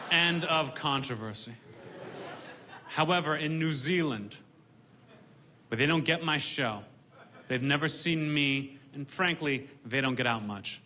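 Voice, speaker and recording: Deadpan man doing stand-up. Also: fairly high pitch, measured pace, long pauses, slight background noise. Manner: deadpan, dark punchlines delivered dryly. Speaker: stand-up comedian. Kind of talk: stand-up comedy set. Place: comedy stage. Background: audience laughter.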